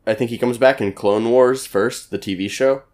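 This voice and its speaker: A young man in casual chat as a podcast co-host, making dry, deadpan jokes. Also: medium pitch, normal speed.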